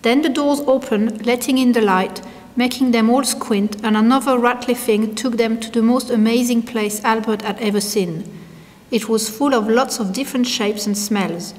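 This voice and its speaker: Brief: female storybook reader, slightly high voice, long echo around her. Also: moderate pace, darkish tone. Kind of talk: storybook narration. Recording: long hall reverb.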